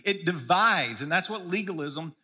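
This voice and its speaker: Male pastor with a high, bright voice, preaching casually and often repeating himself mid-sentence. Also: lively intonation, moderate pace. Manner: conversational preaching with frequent restarts and repeated words. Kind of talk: sermon.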